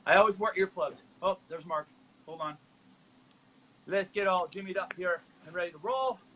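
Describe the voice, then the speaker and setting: High-voiced energetic male fitness host. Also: normal speed, a little hiss or hum. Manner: energetic, jokey, rambling. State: a little out of breath. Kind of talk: exercise demo and casual podcast chat.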